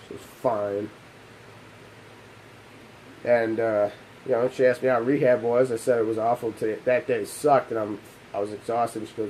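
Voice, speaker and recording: Emotional man with a dark, mellow voice. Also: steady tone, a little hiss or hum, rough recording. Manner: halting, restarting, voice dropping low and quiet. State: emotional, holding back tears. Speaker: gaming channel host. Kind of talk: emotional personal storytelling.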